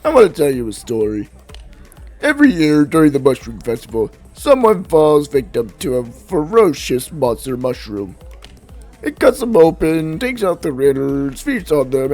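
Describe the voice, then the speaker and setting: A man's voice: mid-range voice, big pitch swings, moderate pace, darkish tone, faint music behind. A man voicing a male mushroom figure who tells a teasing, theatrical ghost story. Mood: spooky.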